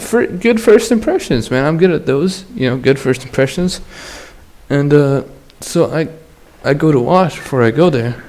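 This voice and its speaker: Here a man with a mid-range, slightly mellow voice runs his own podcast by himself. His monologue is loose and rambling, full of crude slang and laughs.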